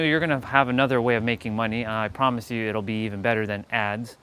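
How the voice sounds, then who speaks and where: A man's voice: mid-range voice, fairly even intonation, fast talker, few pauses, a bit bright, a little hiss or hum. A man hosting a fitness livestream, talking in a loose, rambling, joking way. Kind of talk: casual livestream chat.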